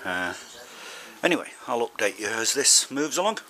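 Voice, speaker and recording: A man's voice: medium pitch, big pitch swings, normal speed, pushed and bright, a little hiss or hum. A man filming his DIY yard project, talking casually and a little out of breath. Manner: chatty, breaks off with ums and short laughs. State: a bit out of breath. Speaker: DIY vlogger. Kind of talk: casual workshop vlog. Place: outdoor yard building site.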